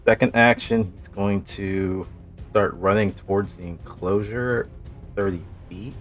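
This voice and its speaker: A man with a very deep voice plays a tabletop game over voice chat, taking his time and reasoning through each move out loud. Faint music sits low behind him. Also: fairly even intonation. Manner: deliberate, thinks aloud about tactics. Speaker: player.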